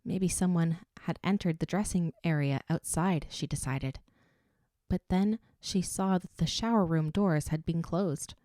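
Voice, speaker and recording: A woman narrating an audiobook in a steady, even reading voice. Her pitch sits a little low. The recording is dry and close, with no room sound. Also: a little slow, no room sound. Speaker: audiobook reader.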